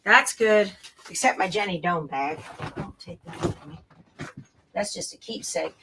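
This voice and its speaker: A woman's voice: mid-range voice, animated, moderate pace, noisy background. Chatty woman tidying up. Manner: chatty, talks to herself and viewers. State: out of breath at times. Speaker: quilting show host. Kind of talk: casual chat while tidying. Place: craft room at home. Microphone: earbuds.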